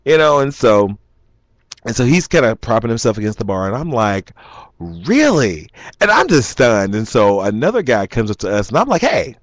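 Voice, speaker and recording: A man tells a story from his night out in a relaxed, chatty way, chuckling as he goes. His pitch swings widely as he acts out what others said. The sound is dry and close, with no room around it. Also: normal speed, dry recording. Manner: animated, chuckling, acts out quotes. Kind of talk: casual anecdote telling.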